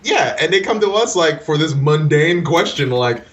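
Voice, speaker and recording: Animated man chatting on a podcast. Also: a little high, moderate pace, reverberant, far from the mic, dull audio. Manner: animated, laughs a lot, restarts sentences. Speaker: podcast co-host. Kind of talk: casual podcast chat.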